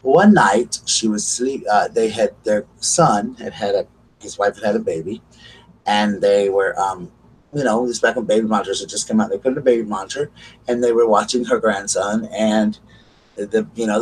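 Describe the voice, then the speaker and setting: Southern man talking from across the room. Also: fairly low pitch. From South Carolina, US. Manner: rambling storyteller with many fillers. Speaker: live call-in show host. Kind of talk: casual chat. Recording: distant mic with faint background noise.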